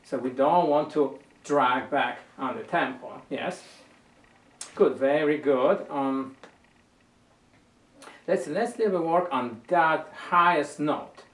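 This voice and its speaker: A man's voice: a little high, slow, long pauses, a bit bright. A man teaching a violin lesson, patiently coaching and often repeating words as he searches for the right phrasing. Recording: roomy sound from a distant mic.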